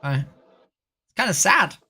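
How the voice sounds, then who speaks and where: A woman's voice: lowish voice, very animated, slow, sharp tone, slightly rough. A woman, chatting bluntly and swearing often while streaming random video chats. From Leeds, England. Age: 30s. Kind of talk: casual video-chat streaming.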